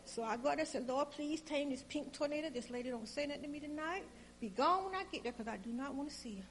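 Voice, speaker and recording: A woman telling a personal story in casual conversation, animated and acting out both sides of the exchanges, with informal speech. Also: high-pitched, fast, slight background noise.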